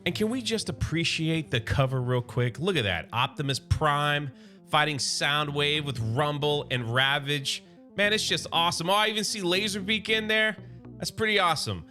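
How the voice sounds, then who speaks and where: Casual male comics recapper, high and bright voice, excitable and chatty, faint music underneath. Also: normal speed. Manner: excited, chatty storyteller paraphrasing characters. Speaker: comic book recap YouTuber.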